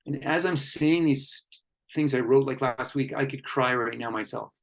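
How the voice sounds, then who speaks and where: Guy with a bit of fry in his voice, earnest heartfelt workshop talk, lots of ums. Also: medium pitch, rough recording. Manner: earnest, heartfelt, speaks with pauses and fillers. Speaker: workshop speaker on men and conflict.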